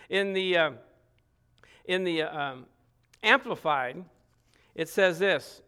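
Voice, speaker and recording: A middle-aged man preaching a sermon, earnest, stressing scripture with repeated phrases and some halting restarts. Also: sits high, bright, forceful tone. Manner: earnest, reads scripture aloud with emphatic repetition.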